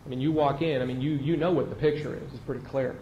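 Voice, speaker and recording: A man's voice: mid-range voice, steady tone, fast talker, warm tone, dull audio. A man preaching a sermon in a conversational, storytelling way, with emphatic repeats and quoted lines. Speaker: pastor. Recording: echoey room with faint noise.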